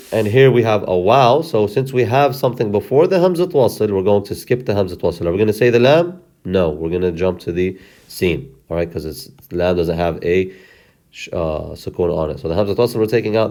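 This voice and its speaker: Man slowly sounding out syllables. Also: on the low side, a little mellow. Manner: patient, sounds out words syllable by syllable and repeats them slowly; self-correcting, apologetic asides. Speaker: Quran reading teacher. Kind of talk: step-by-step reading lesson.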